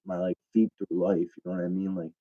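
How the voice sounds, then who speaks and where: A man's voice: sits low, level tone, fairly quick. A young adult male comedian telling a rambling, profane stand-up story, full of fillers. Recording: dull lo-fi recording.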